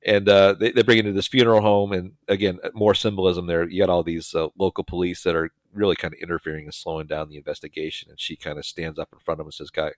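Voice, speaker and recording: A man's voice: low-pitched, level tone, quick pace, hardly any pauses, no echo. A middle-aged man co-hosting a podcast, casually recapping a film with lots of "uh" and restarts. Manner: rambling storyteller with many fillers and restarts. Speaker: podcast co-host. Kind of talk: casual movie recap chat.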